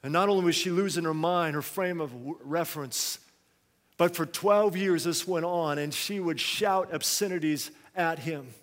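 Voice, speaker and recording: A male pastor preaching a sermon, swinging between quiet, hushed phrases and loud, raised ones. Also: a little high, moderate pace, in a large hall.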